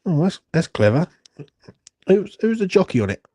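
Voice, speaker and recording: A man's voice: high-pitched, very animated, normal speed, warm tone, no echo, studio quality. A young man, hosting a live horse racing watchalong, swearing and grumbling in a rambling way. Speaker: watchalong host.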